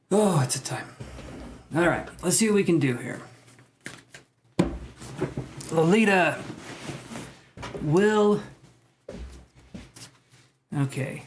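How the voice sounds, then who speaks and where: A man's voice: a little high, expressive, takes it slowly, long pauses, slight background noise. A man reading tarot cards for viewers on a live stream, chatting casually and joking about himself. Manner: joking, self-mocking, chatty. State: out of breath. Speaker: tarot reader.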